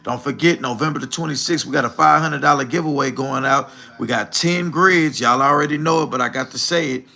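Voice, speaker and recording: A man's voice: medium pitch, brisk, vocal fry, few pauses, bright, forceful tone. A man hosting a livestream, bluntly ranting and lecturing his viewers directly. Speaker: livestream host. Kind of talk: live commentary rant.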